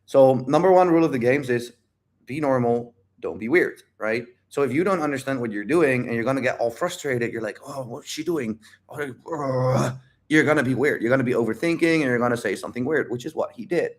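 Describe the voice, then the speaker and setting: A man's voice: mid-range voice, animated, quick pace. A man with a mid-range voice holds a casual livestream Q&A as a dating coach. He talks bluntly and animatedly, repeating his points and swearing freely. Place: home livestream.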